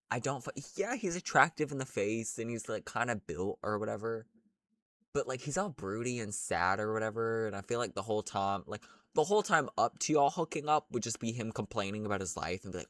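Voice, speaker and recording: A man's voice: lowish voice, animated, brisk, fairly bright tone, no room sound. A young man chatting casually in a rambling, crude, gushing way as he ranks characters. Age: young adult. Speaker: vlogger. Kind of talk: casual ranking chat.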